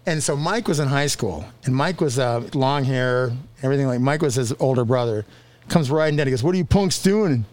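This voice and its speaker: In a casual chat, a man with a mid-range voice tells a story from his childhood at a slightly quick clip, with no room sound in the recording. He's animated, laughing often as he goes and acting out the voices of the people in it.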